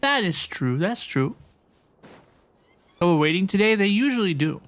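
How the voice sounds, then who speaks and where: A man's voice: sits high, big pitch swings, moderate pace, fairly bright tone. A young man streaming a video game, chatting playfully with his viewers and often repeating his phrases. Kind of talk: casual live-stream chat while gaming.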